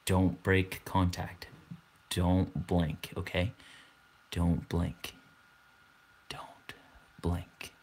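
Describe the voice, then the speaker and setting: A young man in his twenties playing a mock stage hypnotist who gives slow, hushed, drawn-out commands. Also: low voice, monotone, slight background noise, exaggerated voice. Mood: hypnotic. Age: 20s.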